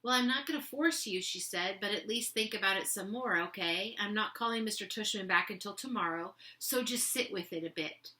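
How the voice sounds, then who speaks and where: A woman's voice: mid-range voice, fairly quick, few pauses, sharp tone. A woman reading a children's novel aloud to listeners, with casual, chatty asides between passages.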